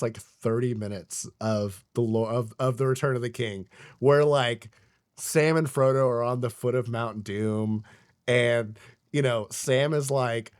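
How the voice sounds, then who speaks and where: A young man co-hosting a podcast, telling a story in casual chat, rambling with lots of fillers and swearing. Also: medium pitch. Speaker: podcast co-host.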